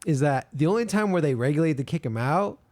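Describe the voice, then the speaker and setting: A man's voice: on the high side, animated, fast, a little mellow. A man co-hosting a podcast, telling stories casually with lots of repeated starts and laughter. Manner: storytelling, repeats words when starting, laughs often. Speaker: podcast co-host.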